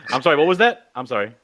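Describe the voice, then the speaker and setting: A man's voice: fairly high pitch, sharp tone. A man who is a guest on a live stream, chatting casually and teasing in a mock-offended way. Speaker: guest artist.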